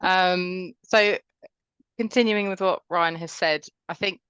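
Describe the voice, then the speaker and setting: Low-voiced woman on dull lo-fi audio. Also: slow, fairly bright tone, smooth, no room sound. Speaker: head of product marketing. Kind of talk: webinar co-presenter.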